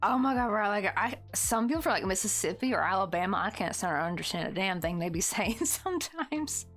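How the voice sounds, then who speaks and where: A young woman with a Tennessee drawl chats on a crafting stream at her desk. Her pitch swings widely as she rambles through fillers and asides. Faint music plays underneath. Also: animated, fairly quick, a bit bright. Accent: Southern US, Tennessee. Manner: chatty and rambling, full of "like" and "um", answering viewer chat. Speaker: crochet live streamer. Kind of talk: casual chat while crafting on stream.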